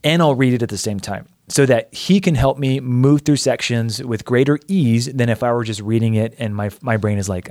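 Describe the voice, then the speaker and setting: A man co-hosting a podcast and talking casually through a Bible passage, thinking aloud and animated. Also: medium pitch, moderate pace, hardly any pauses, no echo, studio quality. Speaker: podcast co-host, pastor.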